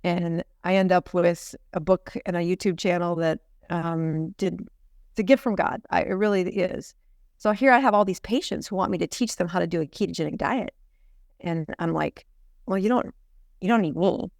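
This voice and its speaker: A middle-aged woman, a physician and podcast guest, telling stories in an animated way and laughing often. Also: on the low side, moderate pace, vocal fry, no echo, studio quality. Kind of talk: storytelling in a podcast interview.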